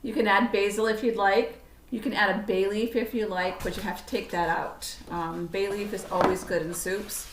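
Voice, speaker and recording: A woman's voice: medium pitch, fairly even intonation, normal speed. A woman walks through a recipe at her stove in a loose, chatty way, correcting herself and talking to herself as she goes. She sounds roomy and a bit far from the camera mic, with faint noise underneath. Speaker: cooking instructor. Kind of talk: casual cooking demonstration. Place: home kitchen.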